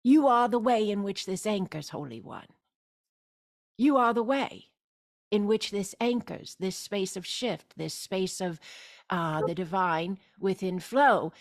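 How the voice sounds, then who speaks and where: A woman speaks at an unhurried, languid pace over a video call, leading a meditative spiritual gathering. Her pitch sits at a middling level for a woman, and she lingers on her vowels. She often breaks in with loud, emphatic cries of yes. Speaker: spiritual teacher hosting a group meeting. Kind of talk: slow meditative spiritual talk.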